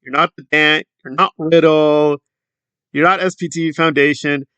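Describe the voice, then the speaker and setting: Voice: mid-range voice, steady tone, normal speed, fairly bright tone, clear, resonant tone, no echo, dull audio. A commentary YouTuber ranting in a sarcastic, scornful tone.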